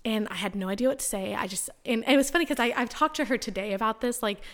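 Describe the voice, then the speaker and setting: A woman's voice: a little high, quick pace. Young woman telling a personal story. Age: young adult. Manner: chatty, full of "like" and acted-out quotes; earnest, speaks openly about faith. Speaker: podcast guest.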